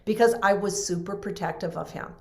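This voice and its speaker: A woman's voice: medium pitch, a little fast, darkish tone. A middle-aged woman, a podcast guest, tells a personal story in earnest, emotional conversation, often restarting her sentences.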